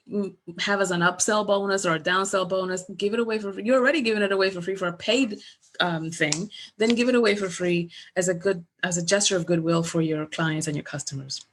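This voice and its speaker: Middle-aged woman, business coach, chatty webinar delivery on a webcam, animated storyteller. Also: medium pitch, a little fast. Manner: animated storyteller, acts out remembered dialogue. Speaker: business coach presenting at a virtual summit. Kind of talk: conversational webinar presentation.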